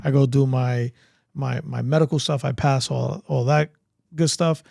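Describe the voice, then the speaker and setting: Gravelly New man telling stories. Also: mid-range voice, moderate pace, no echo, clean studio sound. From Brooklyn, New York. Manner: animated, acts out dialogue, many likes. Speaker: guest, veteran. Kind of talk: casual storytelling.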